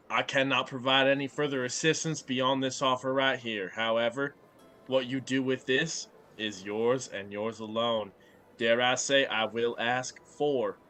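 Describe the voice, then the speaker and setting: A man's voice: medium pitch, bright, forceful tone, slight background noise. A man playing a pompous male governor in a tabletop game, speaking in a grand, folksy drawl.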